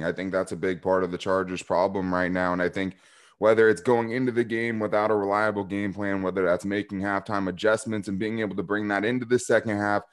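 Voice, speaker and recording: Low-voiced analytical man. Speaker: podcast guest.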